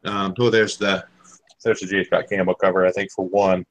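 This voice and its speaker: A man's voice: low-pitched, level tone, moderate pace, low-quality recording. A man hosting a casual comic book podcast, speaking hesitantly with many "um"s and repeated words. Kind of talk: casual chat reviewing comics.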